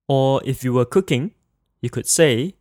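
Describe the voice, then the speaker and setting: A man's voice: medium pitch, unhurried, a little mellow, no echo, clean studio sound. A man teaching a language lesson in a careful scripted manner, saying each example phrase twice for practice.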